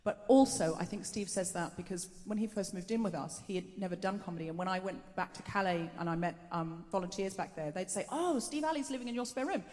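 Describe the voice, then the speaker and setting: A woman hosting a live comedy show on a theatre stage, chatting and telling anecdotes with quick asides. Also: on the low side, steady tone, a little mellow. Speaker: host. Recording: live theatre with long reverb.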